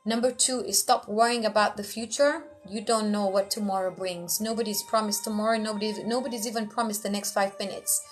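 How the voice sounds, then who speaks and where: Woman emcee talking life tips, frank and animated, bit of music in the back. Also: mid-range voice, brisk, hardly any pauses. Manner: animated, acts out quoted voices; frank, blunt, lightly profane. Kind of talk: motivational casual talk.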